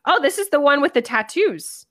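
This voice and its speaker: A woman's voice: high voice, sing-song, normal speed, bright, forceful tone, no room sound, clean studio sound. A woman co-hosting a casual podcast chat, reading verses aloud and speaking frankly. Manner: reads scripture aloud, candid and swears casually. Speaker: podcast co-host.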